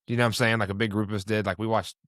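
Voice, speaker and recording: A man's voice: lowish voice, level tone, racing, fairly bright tone, dry recording. Young man ranting casually, dry sound. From Indianapolis area, USA. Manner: chatty, heated ranting. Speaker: podcast host. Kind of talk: casual chat.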